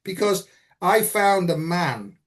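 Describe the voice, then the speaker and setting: A man's voice: sits high, lively intonation, slow. A man hosting a frank conversation, blunt and earthy, swearing freely and telling stories with quoted dialogue. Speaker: host.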